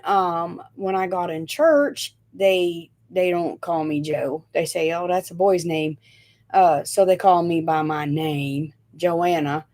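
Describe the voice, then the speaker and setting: A middle-aged woman with a country Tennessee accent talks casually to her live-stream viewers. She rambles and often restarts her sentences, and her voice sits somewhat low. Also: a little mellow. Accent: Southern US, Tennessee. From northern Indiana, raised in Tennessee. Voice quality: chatty, rambling, quick self-corrections. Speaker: host of a live chat stream.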